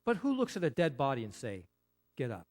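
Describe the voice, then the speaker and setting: Male pastor, conversational sermon delivery, very expressive intonation, leans on repetition and questions. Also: a little high, quick pace. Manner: animated, rhetorical questions and repetition; frequent restarts, conversational.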